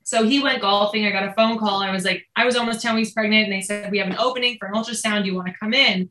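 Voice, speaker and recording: Bright-voiced woman telling a lively story. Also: medium pitch, racing, echoey room, poor audio. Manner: animated, quotes herself and others. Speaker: guest telling a family story. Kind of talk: casual storytelling chat.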